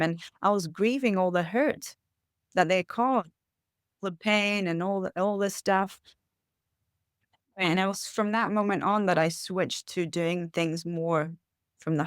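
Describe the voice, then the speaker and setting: An intuitive life coach, appearing as a guest on a podcast, shares her personal story in an earnest, reflective manner with lots of filler words. Her medium-pitched voice is slightly bright, and the studio audio is clean with no echo.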